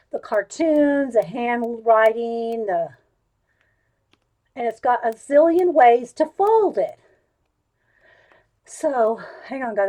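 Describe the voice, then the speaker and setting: Chatty high-voiced woman live streaming. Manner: rambling, wanders off topic; chatty, talks straight to viewers. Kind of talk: casual show-and-tell live stream. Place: home craft table. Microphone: webcam at her table.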